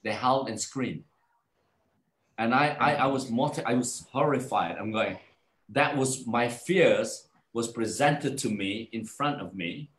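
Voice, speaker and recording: A man of middle pitch tells a personal story in a loose, conversational way. He animates it, mimicking the people he describes. His voice carries a noticeable roomy echo. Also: unhurried, fairly bright tone. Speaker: guest. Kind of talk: casual storytelling in a live online talk.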